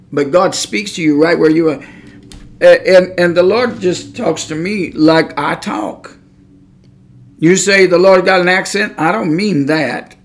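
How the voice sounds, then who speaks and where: A man preaching a sermon, fervent, moving from quiet asides to loud shouted peaks in a folksy church cadence. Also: high voice.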